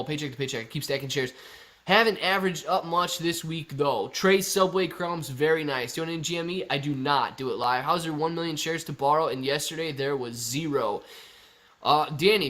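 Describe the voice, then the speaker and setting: A man's voice: a little high, moderate pace, fairly bright tone. A man hosting a casual live stream, chatting and joking as he reads viewer comments aloud.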